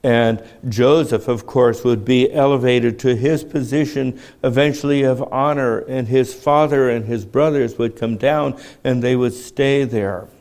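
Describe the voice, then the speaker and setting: A man in his seventies preaching a sermon in a measured, reflective way, often asking his listeners rhetorical questions. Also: medium pitch, steady tone, darkish tone. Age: 70s.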